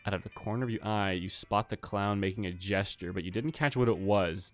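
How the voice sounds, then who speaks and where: A man with a lowish voice reading game text aloud on a live stream, casual and jokey between lines. His delivery is loose and conversational. Faint music plays under him. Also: fairly even intonation, unhurried, long pauses.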